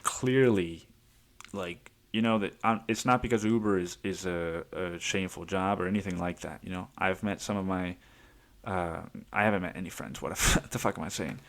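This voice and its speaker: A podcast host tells a story the loose way, with lots of laughter and plenty of swearing. His voice sits very low for a man. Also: steady tone, normal speed, creaky, a bit bright. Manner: rambling, laughs often, swears freely. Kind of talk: casual storytelling monologue.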